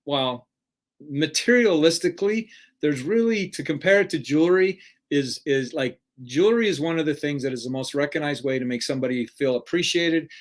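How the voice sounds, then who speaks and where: A man's voice: fairly high pitch, normal speed. A man hosting a live motivational talk. He speaks earnestly, keeps checking in with "right?", and acts out dialogue when he tells a story. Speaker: live show host, speaking coach.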